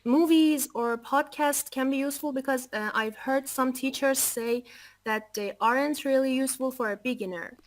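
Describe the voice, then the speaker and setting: Woman student, higher voice, unsure, asking a question over distant call audio. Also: moderate pace. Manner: hesitant, questioning.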